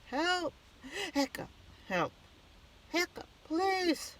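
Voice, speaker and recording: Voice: medium pitch, animated, takes it slowly, fairly bright tone, a little hiss or hum. A reader voicing a hiccuping fretful man. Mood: panicked. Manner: breaks words with hiccups. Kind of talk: storybook read-aloud.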